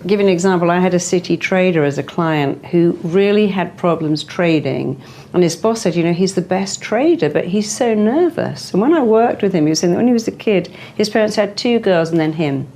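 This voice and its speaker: Lively woman, lowish voice. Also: a little fast, a little hiss or hum. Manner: animated storyteller acting out quoted voices. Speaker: hypnotherapist guest. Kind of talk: motivational interview talk.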